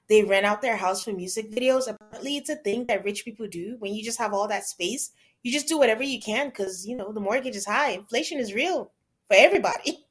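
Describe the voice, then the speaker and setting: Chatty woman recapping reality TV. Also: mid-range voice. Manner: chatty, quotes people in put-on voices. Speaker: podcast co-host. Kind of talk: casual recap chat.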